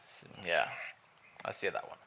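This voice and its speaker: A man's voice: normal speed, bright, forceful tone. A man playing a tabletop game who talks playfully and blurts out odd quips. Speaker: player. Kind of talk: casual tabletop role-play.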